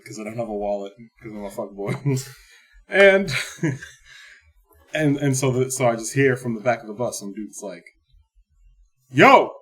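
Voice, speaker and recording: Husky-voiced man telling a rambling story. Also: medium pitch. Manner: rambling, laughs through his story, swears freely. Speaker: podcast co-host. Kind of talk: casual storytelling chat.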